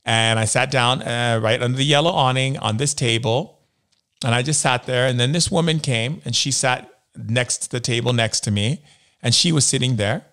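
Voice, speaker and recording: Brief: American man, interview guest, mid-pitched, lively storyteller who slips into quoted voices. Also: normal speed. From United States. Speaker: interview guest, spiritual healer. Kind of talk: storytelling in a conversation.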